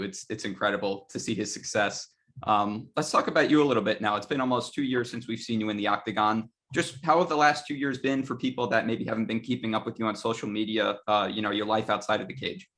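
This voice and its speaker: A male interviewer with a lowish voice rattles off his questions quickly. He stays friendly and steady, with prepared wording. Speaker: interviewer, host.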